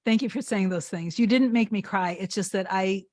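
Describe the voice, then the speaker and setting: A woman's voice: medium pitch, normal speed, no room sound, studio quality. A woman manifestation coach chatting on a live stream, earnest and emotional, reading viewer comments aloud. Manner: emotional, warm-hearted.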